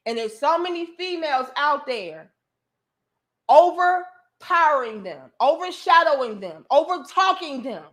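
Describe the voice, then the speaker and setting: High-voiced woman ranting on a livestream. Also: expressive, a little slow, fairly bright tone. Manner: emphatic, profane, preachy. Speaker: livestream host. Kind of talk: heated livestream rant.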